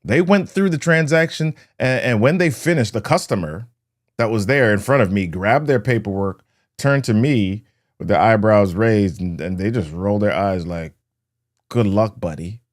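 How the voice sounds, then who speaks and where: Speaking at a moderate pace in a lowish voice, the host of a leadership talk show gives a motivational talk. His stories come alive as he acts out scenes with sound effects in words.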